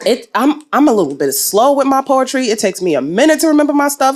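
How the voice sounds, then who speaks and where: A woman's voice: sits high, big pitch swings, fast talker, hardly any pauses, darkish tone. A woman, a poet giving candid, casual advice at an open mic and swearing freely.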